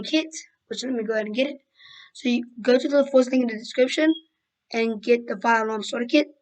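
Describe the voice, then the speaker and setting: Young woman, voice going hoarse, slightly high and monotone, rambles through a screen tutorial. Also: rough recording. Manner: rambling, many fillers and self-corrections. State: hoarse, losing her voice. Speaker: game development tutorial maker.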